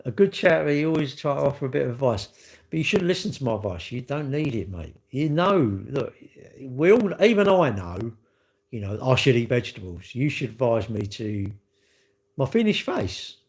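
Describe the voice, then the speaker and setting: A man's voice: mid-range voice, very animated, normal speed, a little mellow. A man hosting a live stream, chatting and joking with viewers in cheeky banter that jumps from topic to topic.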